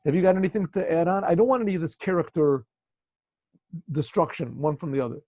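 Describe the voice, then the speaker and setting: A man's voice: on the high side, expressive, quick pace, warm tone, dry recording. A man voicing a wise rabbi patiently settling a land dispute in a told story. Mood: calm, firm. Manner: patient, firm instructions. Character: calm wise older rabbi judging a dispute.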